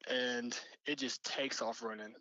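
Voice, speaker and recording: A man's voice: mid-range voice, fairly even intonation, unhurried, pushed and bright, no echo, highs cut off. A young man telling a story casually, rambling with lots of fillers and restarts. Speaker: storyteller recounting an encounter.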